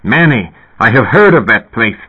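A man's voice: medium pitch, very animated, normal speed, husky. A man reading the part of an angry, fearful old man in a raised, urgent voice, heard through a narrow-band radio sound. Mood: alarmed.

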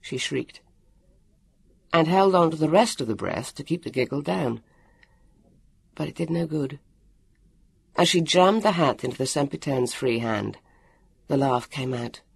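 Man, audiobook narration, gravelly, husky, dry close sound, expressive. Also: fairly high pitch, normal speed, long pauses, no echo. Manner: lively, expressive reading with acted voices. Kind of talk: storybook narration.

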